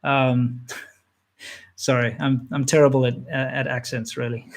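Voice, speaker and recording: A man in his thirties hosting a casual question-and-answer chat, relaxed and rambling, with plenty of fillers and restarts. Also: medium pitch, slow pace, creaky. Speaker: channel host answering viewer questions.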